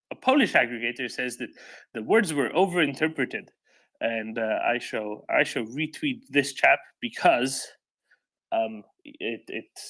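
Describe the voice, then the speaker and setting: A man hosting a live audio discussion, speaking in a measured way with frequent fillers and restarts. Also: mid-range voice, fairly bright tone. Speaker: host of online discussion.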